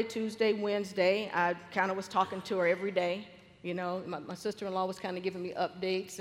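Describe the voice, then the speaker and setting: A woman telling a personal faith story in a lively, animated way, acting out the people she quotes. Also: medium pitch, big-room sound.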